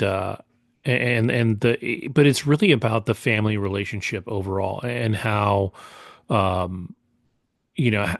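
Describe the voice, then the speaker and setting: A man's voice: lowish voice, dry recording, studio quality. A man co-hosting a podcast, reviewing a film in casual chat, rambling with lots of fillers and restarts. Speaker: podcast co-host.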